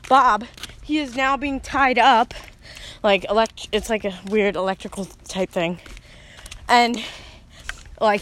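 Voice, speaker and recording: Young woman rambling through a story, giggly, bit high voice, faint noise behind. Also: fairly bright tone. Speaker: friend retelling a film. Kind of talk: casual chat.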